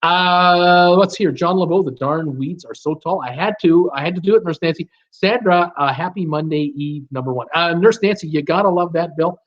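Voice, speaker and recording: A middle-aged man hosts a live cruise chat stream, reading out viewer comments in a friendly, rambling way full of fillers. His voice sits a little high for a man. The audio is dull and lo-fi, like a basic stream setup. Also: normal speed, hardly any pauses. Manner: chatty, upbeat, reads names and greetings aloud with many fillers.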